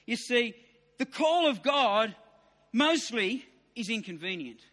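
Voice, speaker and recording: A man in his fifties preaching a sermon, emphatic and repetitive, sometimes rising to near shouts, in a large hall with long reverb. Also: extremely high pitch, sing-song, slow pace.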